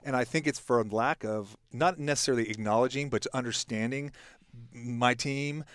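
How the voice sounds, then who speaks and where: A man's voice: mid-range voice, normal speed, fairly bright tone, clear, resonant tone, dry recording. A middle-aged man talking as a podcast guest, telling a reflective story with lots of restarts and fillers. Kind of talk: casual podcast conversation.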